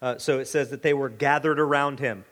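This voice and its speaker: A man's voice: steady tone, brisk, big-room sound. A man preaching a verse-by-verse sermon in a conversational way, asking rhetorical questions and repeating himself as he explains the text. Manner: voices the crowd's demand in a higher, louder tone. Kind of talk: expository sermon.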